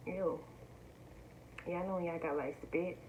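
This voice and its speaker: Young woman vlogger, lower voice, bubbly and chatty, muffled home audio with faint hiss. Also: a little slow. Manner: excitable, chatty, talks straight to viewers. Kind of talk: casual unboxing chat to camera.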